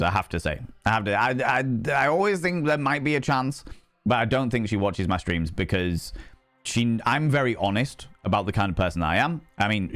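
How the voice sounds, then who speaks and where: A man's voice: lowish voice, a bit bright, no echo. A man with a Yorkshire accent chatting casually and swearing often on a live stream, laughing easily.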